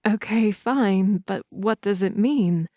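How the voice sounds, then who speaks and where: A woman voicing a young female vampire heir in an audiobook, with a higher, urgent and emotional delivery. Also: slow, dry recording, highs cut off. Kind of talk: audiobook character reading.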